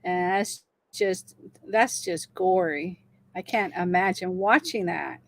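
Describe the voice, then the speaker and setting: Slow-talking woman on a dry mic. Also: on the low side, no echo. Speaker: livestream co-host. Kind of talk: casual livestream chat.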